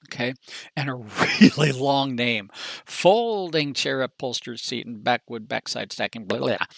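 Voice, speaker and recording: Man, software trainer, casual presentation, folksy, animated, dry close recording. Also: medium pitch, a little slow, creaky, no echo. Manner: folksy, chatty and animated, with slang asides.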